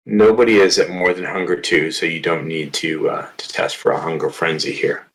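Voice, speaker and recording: A man's voice: low-pitched, normal speed, few pauses, a bit bright, poor audio. A man running a tabletop horror game, narrating scenes vividly and checking rules with players. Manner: vivid, dramatic narration mixed with rules talk. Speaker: game master.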